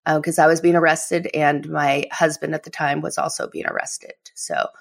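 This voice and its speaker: Low-pitched woman, memoir author, candid emotional storytelling, lots of fillers. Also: level tone, normal speed, creaky.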